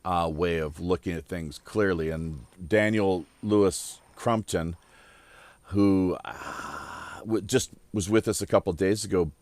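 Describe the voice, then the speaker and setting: A man's voice: low voice, a little mellow, no echo. A man hosting a casual podcast round-table, rambling with lots of fillers. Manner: rambling, filler-heavy, deliberate. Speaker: podcast host.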